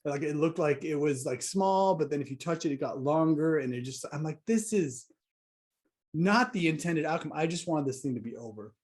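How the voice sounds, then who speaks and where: A man's voice: on the high side, animated, moderate pace, a little mellow. A middle-aged man telling a personal story in a casual vlog, wry and exasperated, with sarcastic asides. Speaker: vlogger.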